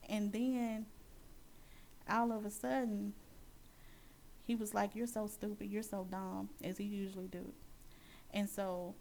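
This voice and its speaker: A woman sharing her Christian testimony as a personal story. She talks earnestly and haltingly, with many fillers and restarts. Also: mid-range voice, creaky, darkish tone, a little hiss or hum.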